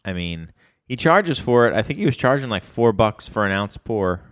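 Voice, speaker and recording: A man's voice: lowish voice, very animated, normal speed, no room sound, clean studio sound. A man co-hosting a podcast in casual chat, rambling and searching for words as he talks. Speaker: podcast co-host.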